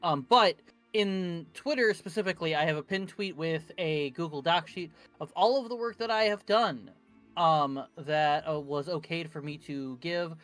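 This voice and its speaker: Man, casual post-game chat on a voice call, bright slightly high voice, rambly, faint music bed. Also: normal speed. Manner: rambling, self-correcting, many fillers. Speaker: tabletop game player. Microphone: computer mic on voice call.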